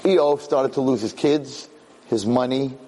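A middle-aged man giving an impassioned Torah talk, telling stories and acting out quotes in a husky voice. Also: mid-range voice, a little slow, dark tone, long reverb tail, low-quality recording. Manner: storytelling, acts out quotes, impassioned. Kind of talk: animated Torah class.

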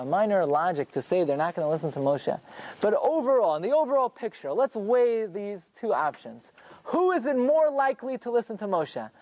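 A man's voice: sits high, a little mellow. A man teaching a Torah lesson in a classroom, working through rhetorical questions and answering them himself.

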